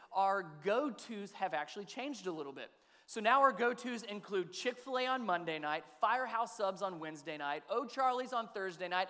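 A man's voice: sits high, fairly bright tone, long reverb tail. A man in his thirties preaching a sermon as pastor, chatty and conversational, often asking his listeners questions. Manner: conversational, asks the audience questions.

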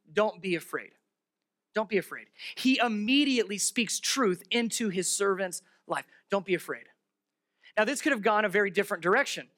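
Pastor preaching a sermon, bright clear tone, emphatic delivery with acted-out characters. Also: mid-range voice. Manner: emphatic, acts out the story's characters. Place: church.

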